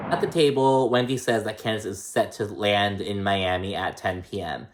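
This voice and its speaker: Against a noisy background, a man with a lowish voice talks at a normal pace through a casual reality-show recap. He curses, says "like" and "um" a lot, and occasionally mimics the people he quotes.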